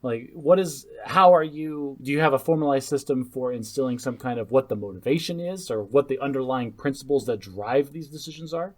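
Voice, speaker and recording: A man co-hosting a podcast, talking in an animated way with stammered restarts and jokes. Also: mid-range voice, fairly quick, few pauses. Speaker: podcast co-host. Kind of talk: casual podcast chat.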